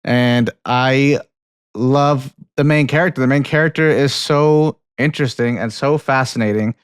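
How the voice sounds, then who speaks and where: A man's voice: mid-range voice, fairly even intonation, measured pace, clear, resonant tone, no echo. Young man, podcast co-host, rambling casual talk, frequent laughs, swearing, dry close microphone. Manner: rambling, laughs often, swears, many restarts. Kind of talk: casual chat, film review and anecdote.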